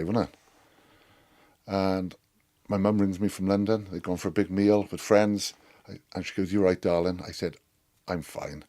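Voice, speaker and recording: A Welsh man spins a rambling story, swearing freely and slipping into the voices of the people in it. His voice sits very low. The sound is dry and close, with no room around it. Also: dark tone, dry recording. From Wales. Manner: rambling, profane, acts out others' lines. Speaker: former rugby player. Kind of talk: storytelling anecdote.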